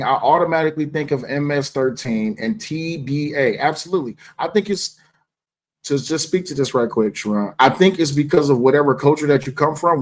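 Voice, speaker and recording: A man hosting a casual livestream, reading super chats and answering them bluntly in a laid-back way. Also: mid-range voice. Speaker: host.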